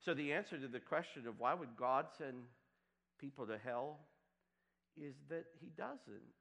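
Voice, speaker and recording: A man preaching a sermon to a congregation, swinging from loud emphatic bursts to hushed, quiet lines. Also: medium pitch, lively intonation, a little slow. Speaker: pastor.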